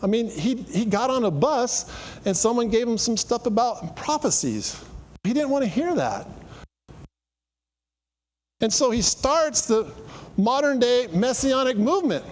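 A middle-aged man delivers a casual, story-filled sermon, often repeating himself to drive a point home. His voice sits high. It rings out with a long reverb in a sanctuary, over a faint background hiss. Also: very animated, a little slow, pauses often. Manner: conversational, storytelling, repeats phrases for emphasis. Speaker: congregation speaker giving weekly welcome. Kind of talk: informal sermon. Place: congregation sanctuary.

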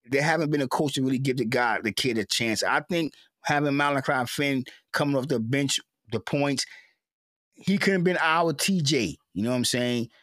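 A man's voice: mid-range voice, moderate pace, a bit bright, no room sound, studio quality. A man giving an emotional, repetitive sports rant as a fan commentator, stammering at times.

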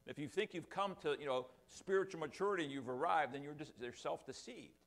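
A man's voice: a little high, brisk, vocal fry. Older male pastor, rambling sermon. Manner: rambling, self-deprecating asides. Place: church sanctuary.

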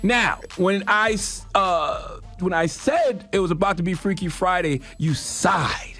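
A man's voice: high voice, a little slow, bright, forceful tone, soft background music. A man hosting a morning radio show, lecturing listeners and teasing his co-host in a mocking, preachy way. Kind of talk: morning radio banter and commentary.

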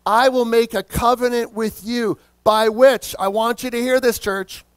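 A male pastor preaching a sermon, slowing down to stress key words and calling out to the congregation for responses. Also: very high-pitched, steady tone, clean tone, no echo.

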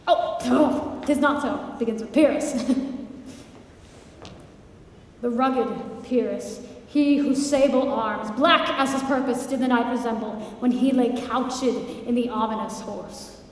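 Woman acting a brooding young prince, high voice, theatrical, far off in an echoey hall. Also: takes it slowly. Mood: declaiming. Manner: theatrical, wry, impassioned. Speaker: stage actor. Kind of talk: live stage play performance. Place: theater stage.

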